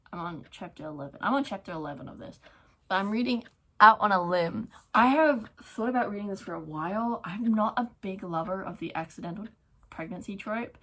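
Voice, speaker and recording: A young woman chatting excitedly about her month of reading on her book vlog, with lots of fillers. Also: mid-range voice. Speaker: book vlogger. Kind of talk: casual reading wrap-up chat. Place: at home, neighbour's garden noise outside.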